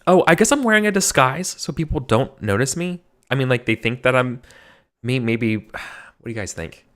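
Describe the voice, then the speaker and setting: A man's voice: medium pitch, lively intonation, moderate pace, fairly bright tone. A man with a Californian accent, playing in a tabletop game and talking casually, with lots of restarts and laughs. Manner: rambling, restarts, laughs a lot. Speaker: player.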